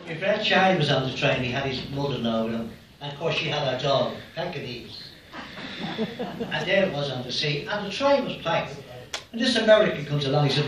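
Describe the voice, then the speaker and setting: A man's voice: a little high, animated, brisk, a bit bright, a little hiss or hum. A man, a comedian, telling jokes live on stage in a rambling, storytelling way. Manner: rambling storyteller, doing small voices for characters. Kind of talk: live stand-up joke telling. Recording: echoey live hall, distant mic.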